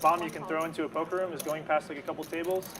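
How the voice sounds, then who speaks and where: A man's voice: on the high side, level tone, racing, a crowd in the background. A man from the Basque Country with a Spanish accent, chatting eagerly at a poker table. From Basque Country, Spain. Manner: chatty and enthusiastic. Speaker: poker player. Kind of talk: casual table chat.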